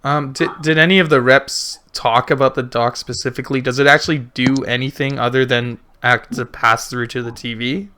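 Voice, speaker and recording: A man's voice: mid-range voice, fairly even intonation, a little fast, few pauses, pushed and bright, clean tone. A man in a casual group chat making technical points.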